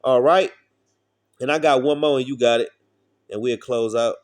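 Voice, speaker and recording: A man's voice: mid-range voice, moderate pace. Blunt, profane man preaching. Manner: blunt, profane, preachy with call-and-response questions. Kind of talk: informal street sermon.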